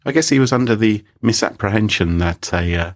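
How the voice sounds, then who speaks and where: A man co-hosting a podcast, telling a story in a casual, animated way and laughing often. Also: fairly low pitch, a little fast. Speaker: podcast co-host. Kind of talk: casual chat.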